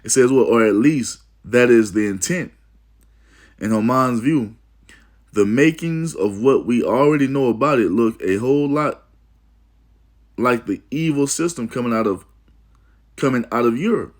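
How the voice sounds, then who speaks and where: A man's voice: medium pitch, expressive, measured pace, long pauses. A man preaching about prophecy, reading aloud from an article and breaking into emphatic asides, often repeating "you see" and "man.". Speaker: religious teacher.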